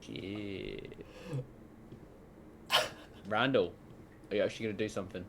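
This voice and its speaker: A man's voice: fairly low pitch, sing-song, measured pace, creaky, heavy background noise. A man running a tabletop role-playing game as game master, narrating bluntly and teasing his players.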